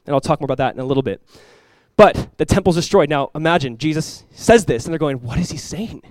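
A man preaching a sermon as pastor, talking casually with animated asides and acted-out quotes. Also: fairly high pitch, quick pace, no room sound, rough recording.

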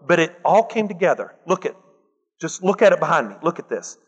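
A male preacher with a strikingly high voice delivers an emphatic sermon, repeating lines for weight and calling out to the room. His voice rings with long reverb from a large hall. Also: lively intonation, a little fast. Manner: emphatic, repeats phrases for effect, calls out to the congregation.

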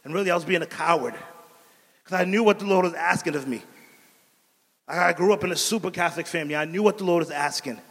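A man's voice: fairly high pitch, quick pace, slightly rough, in a large hall. Earnest man preaching his testimony. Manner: earnest storytelling, dropping soft and quiet on key lines. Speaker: missionary giving a testimony.

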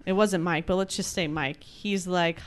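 A woman's voice: fairly low pitch, steady tone, normal speed. Laughing playful woman podcast host. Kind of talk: casual chat.

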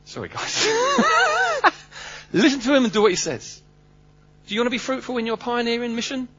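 Male preacher, high voice, animated and funny, muffled recording. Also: fast talker. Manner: animated, humorous, swings between loud and hushed. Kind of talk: sermon.

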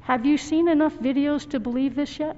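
A woman's voice: high voice, fairly even intonation, brisk, darkish tone. Earnest woman pastor in a reverberant hall. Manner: reflective, personal, earnest. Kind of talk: sermon. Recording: dull recording with long hall reverb.

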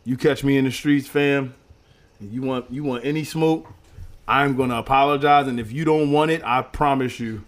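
A man's voice: mid-range voice, normal speed, a little hiss or hum. A man co-hosting a podcast, chatting casually and moving the talk from topic to topic. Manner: relaxed, steers the conversation to new topics. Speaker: podcast co-host. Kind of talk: casual chat.

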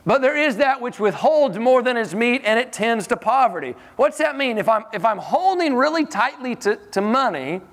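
A man preaching a sermon in a church in a conversational, animated way, often chuckling and repeating his words. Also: extremely high pitch, normal speed, few pauses.

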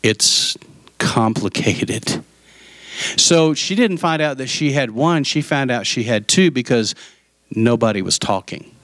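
A man's voice: mid-range voice, moderate pace, no room sound. Pastor, middle-aged man, candid storytelling sermon, dry close sound. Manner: candid storytelling, acts out quoted voices.

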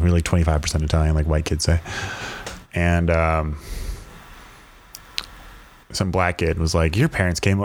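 Young male podcast co-host, low-pitched, lively storyteller who voices the people in his stories. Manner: animated storyteller acting out quotes in raised voices. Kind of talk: casual storytelling chat.

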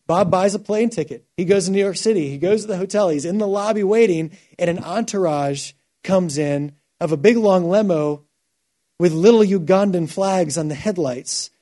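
A man preaching a sermon to a group, telling stories with lively shifts between quiet, earnest passages and louder, excited ones. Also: high-pitched, moderate pace. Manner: animated storytelling, shifting from quiet to loud. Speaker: pastor.

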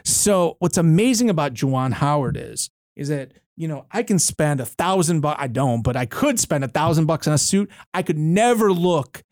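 A man's voice: on the high side, expressive, normal speed, hardly any pauses, a little mellow, dry recording. Dry-sounding man telling a story. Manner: tells anecdotes with frequent restarts and fillers. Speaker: university board chair and lawyer, guest. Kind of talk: casual storytelling interview. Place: studio.

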